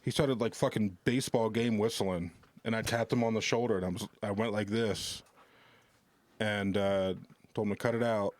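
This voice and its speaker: A man's voice: lowish voice, steady tone, moderate pace, no echo. A man who works security at a comedy club, telling rambling, profane anecdotes as a podcast guest. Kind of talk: casual storytelling on a podcast.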